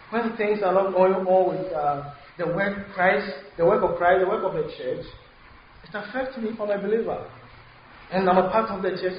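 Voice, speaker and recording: A man preaching a sermon, switching between English and Twi, halting with many fillers and restarts. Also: high-pitched. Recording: very echoey hall, dull lo-fi sound, faint hiss.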